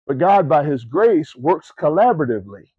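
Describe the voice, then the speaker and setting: A middle-aged man delivers a lively sermon, telling stories with rising, emphatic questions and casual asides to the crowd. His voice sits fairly high for a man. The sound is dry and close. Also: a little fast, breathy edge, no room sound, phone-quality sound. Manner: conversational, addresses listeners as family and y'all. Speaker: preacher and camp ministry CEO. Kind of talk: sermon to student athletes.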